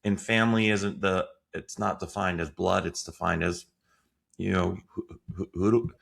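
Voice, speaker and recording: Gravelly low-voiced sales guest. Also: male voice, steady tone, moderate pace, a bit bright. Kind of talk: casual interview chat.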